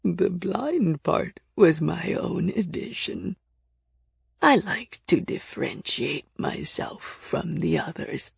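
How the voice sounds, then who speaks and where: A woman voicing an ancient, stooped blind priest of no clear sex, who speaks in a slow, creaky, scratchy half-whisper. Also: on the low side, expressive, no echo, clean studio sound, heavily acted. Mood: cryptic.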